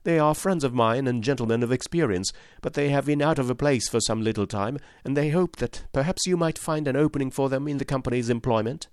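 A man voicing a glib, eager young male clerk with a slightly raised, brisk voice. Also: mid-range voice, darkish tone, clear, resonant tone, no room sound, studio quality, pitched above the performer's own voice, lightly acted.

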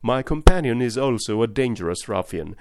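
A man reading aloud and voicing a calm, self-assured male detective who speaks firmly. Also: medium pitch, a little fast, no echo, clean studio sound, natural voice. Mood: cool. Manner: calm and firm.

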